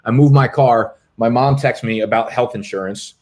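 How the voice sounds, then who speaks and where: Speaking at a moderate pace in a mid-range voice, a man in his twenties hosts a fantasy football live stream from his Brooklyn apartment. He reads comments aloud and banters with viewers in a loose, crude, joking way.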